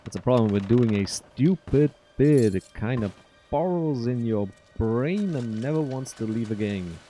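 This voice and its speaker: A male gameplay host jokes his way through an adventure game at a slow, easy pace. His voice is mellow and swings up and down. Faint music plays behind him. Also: medium pitch, animated. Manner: goofy, jokey, theatrical. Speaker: gaming channel host. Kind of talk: casual gameplay commentary.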